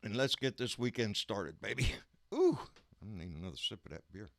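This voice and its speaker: A man's voice: lowish voice, very animated, moderate pace, no echo, clean studio sound. A man hosting a casual live stream, folksy and profane, calling everyone "baby" as he chats and rants.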